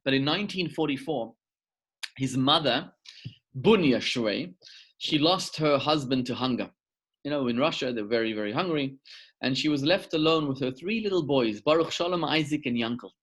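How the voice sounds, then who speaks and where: A man's voice: medium pitch, expressive, moderate pace, a bit bright. A middle-aged male rabbi giving a sermon over a video call, telling a story and repeating words for emphasis.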